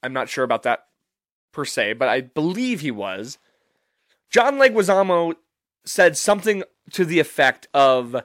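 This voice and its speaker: A man's voice: fairly high pitch, measured pace, dry recording, clean studio sound. A man hosting a podcast, ranting casually and swearing freely as he works himself up. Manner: animated, swears freely, talks himself into outrage. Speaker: podcast host.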